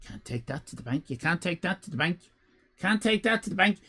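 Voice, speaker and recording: A man hosting a live stream, grading viewers' drawings in a mock-stern, theatrical way and often breaking into shouts. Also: on the high side, expressive, a little fast, husky. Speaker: livestream host.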